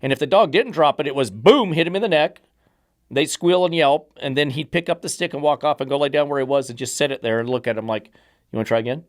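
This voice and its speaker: A man's voice: a little high, fast, no echo, clean studio sound. A man who trains dogs and hosts a podcast, talking bluntly and emphatically and sometimes swearing. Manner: blunt, emphatic, swears, acts out dogs' thoughts. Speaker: dog trainer and podcast host. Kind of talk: casual podcast chat.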